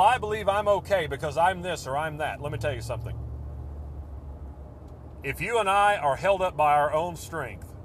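Fervent male preacher, faint traffic behind. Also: on the high side. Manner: fervent, repetitive, rising and dropping to a hush. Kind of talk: sermon.

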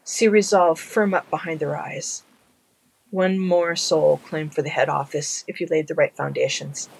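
A narrator reading a fan audiobook at a measured, low-key pace. The voice is gravelly with a husky edge. The tone stays calm and even through the telling. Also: poor audio.

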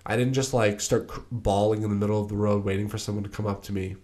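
Talking fast in a fairly low, slightly mellow voice with fairly even intonation, this young podcast host spins casual stories alone. He's laid-back and rambling, leaning heavily on filler words.

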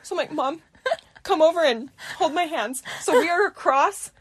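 A woman's voice: sits high, moderate pace, dry recording. A young woman co-hosting a podcast, telling a story with laughter and acting out quoted voices. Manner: animated, laughing, acts out quotes. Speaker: podcast co-host. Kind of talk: casual storytelling chat.

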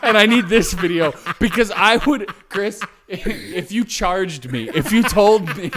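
A man's voice: high-pitched, expressive, measured pace, crowd noise. A man co-hosting a podcast who laughs hard and breaks off his sentences. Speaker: podcast co-host. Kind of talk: casual chat.

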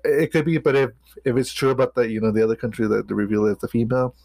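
A man's voice: medium pitch, very fast, vocal fry, a little mellow, no echo. A man co-hosting a podcast in casual chat, rambling and hesitant with many restarts. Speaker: podcast co-host.

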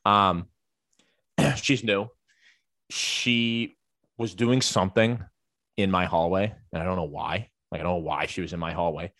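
Lowish-voiced guy, teacher, rambling story full of "like", swears a lot, dry sound. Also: fairly even intonation, measured pace, long pauses, fairly bright tone, no room sound. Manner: rambling, filler-heavy, profane. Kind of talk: casual storytelling chat.

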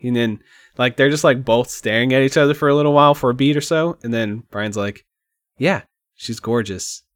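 A man's voice: medium pitch, quick pace, smooth, no room sound, studio quality. Laid-back man chatting about a movie. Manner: relaxed, rambling, says "like" often. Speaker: podcast co-host. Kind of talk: casual movie discussion.

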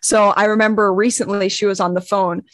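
A woman's voice: mid-range voice, little pitch movement, a little fast, dry recording. A young woman from Texas, chatting upbeat as a guest teacher and laughing easily. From Texas, USA. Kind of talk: casual chat.

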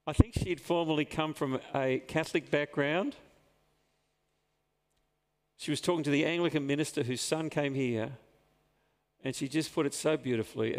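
A pastor delivers an earnest sermon in a gravelly voice, drawing out key words for emphasis. His voice rings with the long reverb of a church hall. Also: medium pitch, a little fast.

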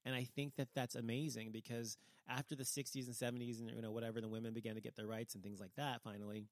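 A man's voice: mid-range voice, little pitch movement, fast talker, dry recording. Heated, rambling man sounding off. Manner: rambling and heated, swears freely, many restarts. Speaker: vlogger. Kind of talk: casual opinion monologue. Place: lives in Dallas, Texas.

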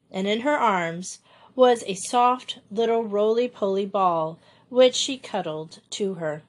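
A woman narrating a children's story aloud in a measured storytelling manner. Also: mid-range voice. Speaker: audiobook narrator. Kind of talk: scripted narration.

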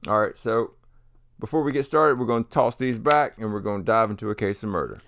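A man's voice: lowish voice, brisk, fairly bright tone, a little hiss or hum. A man co-hosting a casual podcast, laid-back and swearing casually, often trailing off and restarting. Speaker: podcast co-host.

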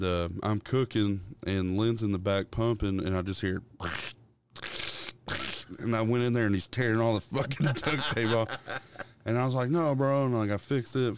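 Speaking at a normal pace with a voice on the low side, a young podcast co-host tells loose, rambling, foul-mouthed anecdotes about his toddler, mimicking the child's sounds along the way.

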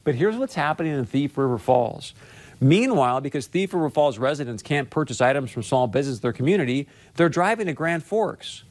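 A man's voice: medium pitch, animated, fast talker, a little mellow. A man hosting a political commentary show, talking straight to his audience with emphatic, repeated phrases. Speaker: talk show host.

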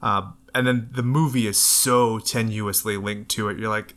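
A man hosting a spoiler podcast, chatting casually and retelling a story with animated voiced quotes. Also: on the low side, fairly quick, few pauses. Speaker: podcast host. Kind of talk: casual chat.

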